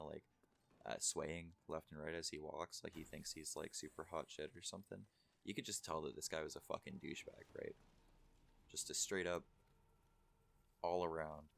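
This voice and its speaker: A man's voice: a bass voice, gravelly, a little hiss or hum. A young man telling a story casually, rambling and swearing a lot, with many fillers. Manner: rambling, profane, full of fillers. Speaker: vlogger.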